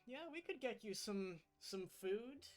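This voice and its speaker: A man's voice: sits high, animated, measured pace, voice pushed up. A man voicing a flirtatious, carefree fae princess with a playful, laughing manner in a tabletop game. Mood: breezy.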